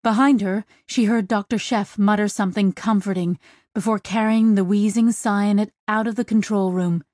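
This is scripted audiobook narration by a woman speaking at a medium pitch. Her storytelling is even and measured, captured in a dry recording with clean studio sound.

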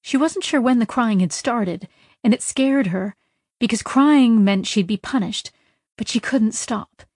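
A woman's voice: fairly high pitch, measured pace, a little mellow, no echo, studio quality. A woman narrating a story in a tense, dramatic reading style with urgent bursts. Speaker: audiobook narrator.

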